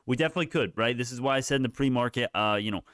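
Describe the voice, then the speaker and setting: A man's voice: mid-range voice, rapid-fire, a bit bright, smooth, dry recording, clean studio sound. A man hosting a live stock market stream, commenting on price moves in a rambling way, often correcting himself mid-sentence and swearing now and then. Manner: rambling, self-correcting, profane. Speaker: livestream stock market host.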